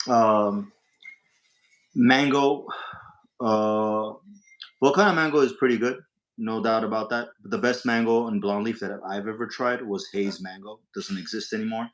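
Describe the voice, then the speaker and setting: A man's voice: fairly low pitch, measured pace, pauses often, poor audio. A man hosting a casual livestream from a lounge, rambling with lots of fillers and restarts. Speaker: livestream host. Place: hookah lounge.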